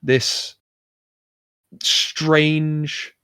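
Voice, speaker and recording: A man's voice: a little high, little pitch movement, very slow, sharp tone, clear, resonant tone, dry recording. A young man hosting a casual podcast, talking in a rambling, wry way full of fillers. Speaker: podcast host. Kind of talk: casual chat about wrestling.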